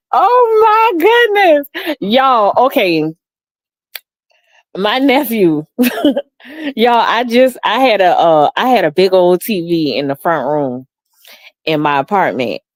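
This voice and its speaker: Woman livestream host, slow lively delivery, dry close sound. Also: no echo. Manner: animated, laughs often, acts out quotes in high voice. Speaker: livestream host reading chat comments. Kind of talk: casual storytelling chat.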